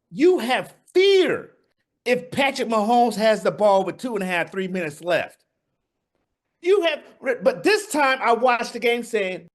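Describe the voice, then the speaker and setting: A man co-hosting a sports talk show, talking football in playful, slangy banter and laughing often. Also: very high-pitched. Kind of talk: casual sports debate.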